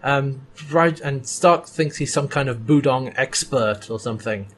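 Male co-host, mid-pitched, relaxed recap chatter with playful character bits. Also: unhurried. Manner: retells scenes, acting out characters' lines with laughs. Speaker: podcast co-host. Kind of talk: casual episode recap chat.

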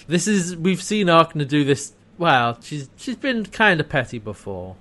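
A man's voice: a little high, a little slow. A man co-hosting a casual chat, recapping a TV episode scene by scene with easy laughs. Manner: relaxed, laughs often, narrates scenes and quotes characters. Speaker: podcast co-host recapping a TV episode.

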